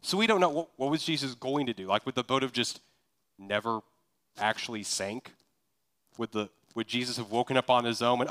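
Guy from kansas giving a sermon, chatty, keeps asking questions, mid-pitched voice. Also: animated, brisk, a bit bright. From Kansas, USA. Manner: conversational, rhetorical questions, frequent "like". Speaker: pastor.

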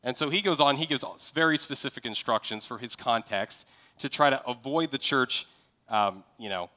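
A man's voice: mid-range voice, moderate pace, pushed and bright. A man preaching a conversational sermon as a pastor, acting out sample dialogue to make his points.

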